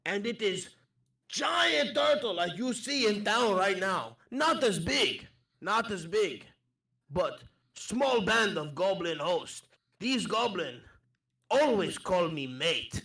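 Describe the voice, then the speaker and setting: A man playing a friendly, formal traveler mage who speaks in halting phrases and leaves out small words. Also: high-pitched, sing-song, bright, forceful tone, pitched above the performer's own voice, full character voice. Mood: earnest. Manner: halting formal speech, drops articles. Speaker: player. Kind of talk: tabletop role-play.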